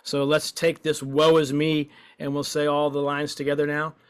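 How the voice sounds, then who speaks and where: A man's voice: on the high side, monotone, normal speed, clean tone. A man leading a voice and poetry exercise, encouraging and playful, stretching out lines as he recites. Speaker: workshop leader.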